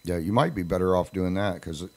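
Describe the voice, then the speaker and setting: A man's voice: deep voice, fast talker. An older man hosting a radio interview, joking in a folksy, casual way. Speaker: radio show host.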